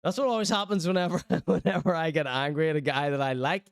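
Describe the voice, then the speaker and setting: A man's voice: on the high side, quick pace, gravelly, clear, resonant tone, no echo, clean studio sound. A man with a Northern Irish accent hosting a show in casual chat, telling stories animatedly and slipping into other people's voices. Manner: animated storytelling with put-on voices. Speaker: show host.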